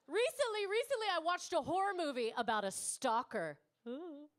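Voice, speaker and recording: A woman's voice: high voice, lively intonation, moderate pace, hardly any pauses. A woman in her thirties doing stand-up comedy, brash and teasing the crowd, swearing freely. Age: 30s. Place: comedy club stage before a live audience.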